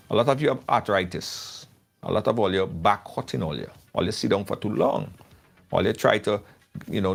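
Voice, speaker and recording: A middle-aged man hosting a live show, pitching products and telling stories in an excitable, repetitive way. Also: creaky. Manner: storytelling, excitable, repeats himself. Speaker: live show host doing product ads. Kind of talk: animated live-stream ad chat. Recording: faint music behind.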